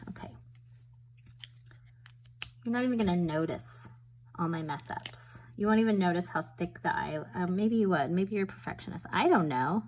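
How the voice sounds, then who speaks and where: An adult woman with a school-age daughter chats her way through a papercraft tutorial at home, rambling and joking at her own expense as she works. Her voice is fairly low and a little mellow, at a moderate pace with long pauses, and the recording is rough.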